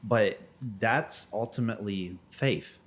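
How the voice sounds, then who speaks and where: A man co-hosting a faith podcast, talking in a relaxed, slangy way with fillers. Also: on the low side, takes it slowly. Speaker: podcast co-host. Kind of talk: casual faith podcast talk.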